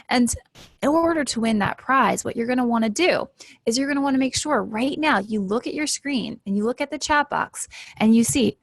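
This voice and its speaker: A woman hosting a live webinar, pitching with upbeat, hyped energy and talking straight to her viewers. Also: creaky, slightly rough, no room sound. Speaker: webinar host.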